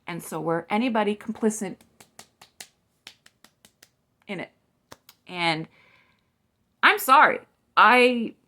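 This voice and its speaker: Woman, 40s, mid-pitched, blunt swearing vlog rant. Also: sharp tone. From Canada. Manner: blunt, profane, indignant. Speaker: vlogger. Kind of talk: heated political rant to camera.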